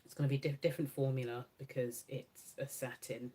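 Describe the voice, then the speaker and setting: A woman's voice: extremely low pitch, little pitch movement, a little fast, dark tone, slight background noise. A woman beauty creator chatting casually through a makeup swatch demo, musing aloud and correcting herself as she goes.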